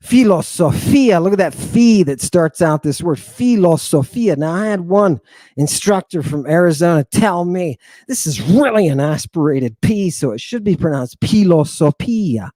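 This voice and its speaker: Male teacher, a bit higher than usual, playful and theatrical, drills words by repeating them, dry close sound. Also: warm tone, no room sound. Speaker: language teacher. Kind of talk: informal online lesson.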